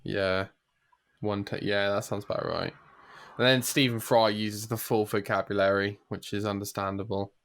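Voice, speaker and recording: A man's voice: fairly low pitch, level tone, moderate pace, a bit bright. A man hosting a gaming podcast in casual, jokey chat. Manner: chatty, jokey, drops into silly accents. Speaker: podcast host.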